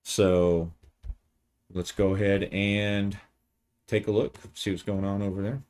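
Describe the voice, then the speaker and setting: A man, hosting his channel and giving a relaxed, rambling video review. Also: fairly low pitch, takes it slowly. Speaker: channel host, game reviewer.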